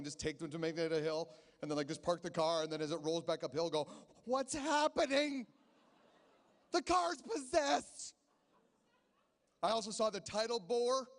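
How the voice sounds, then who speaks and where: Male comic, thirties, high voice, chatty storyteller, casino showroom with long reverb. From Canada. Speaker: stand-up comedian. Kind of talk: stand-up comedy set. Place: casino stage.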